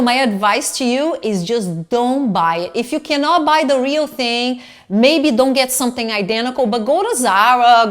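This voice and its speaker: Indignant woman venting in a vlog. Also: fairly high pitch. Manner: animated, indignant, swearing freely. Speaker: fashion vlogger. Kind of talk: casual vlog rant.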